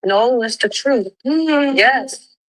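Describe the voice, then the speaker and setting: Insistent woman with a higher voice. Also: slow pace, a bit bright, dry recording, poor audio. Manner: insistent, defensive. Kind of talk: heated discussion of a reality show.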